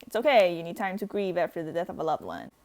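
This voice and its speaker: A woman reading the lines of a polite, measured young man from a visual novel, in her own voice. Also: fairly low pitch, huge pitch swings, a little mellow.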